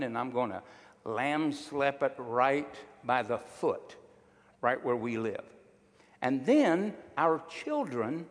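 A man's voice: medium pitch, big-room sound. A male pastor preaching a sermon, emphatic and drawing call-and-response from his congregation.

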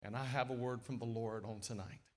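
A middle-aged man preaching a sermon in a church, folksy and lively, with sudden loud, emphatic swells. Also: medium pitch, fairly quick. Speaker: guest preacher. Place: church sanctuary.

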